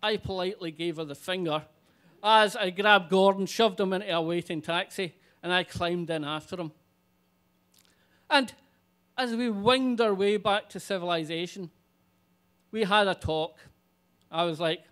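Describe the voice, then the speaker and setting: A man telling a comic personal story live on stage, animated and swearing freely. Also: sits high, a little slow, pauses often, smooth.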